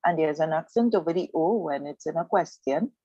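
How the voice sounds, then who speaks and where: A woman gives a language lesson on the radio, explaining with patience and saying words again slowly. Her voice sits low and mellow. The sound is dry, close and muffled. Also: expressive, dry recording. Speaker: Spanish teacher.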